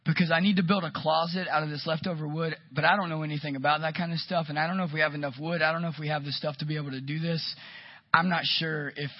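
A man preaching a sermon, telling a story with lively, animated delivery and acting out quotes. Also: fairly high pitch, fast talker, dry recording, lo-fi sound. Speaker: pastor.

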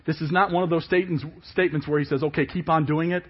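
A man preaching a sermon, emphatic and falling quiet at the ends of phrases. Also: a little high, steady tone, fast. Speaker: pastor. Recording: dull lo-fi church service audio.

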